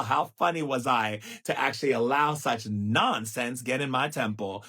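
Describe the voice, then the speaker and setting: A man giving a live spiritual talk, playful and theatrical, with sudden jumps in pitch and drawn-out chanted phrases. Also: sing-song, bright, forceful tone, husky. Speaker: spiritual teacher.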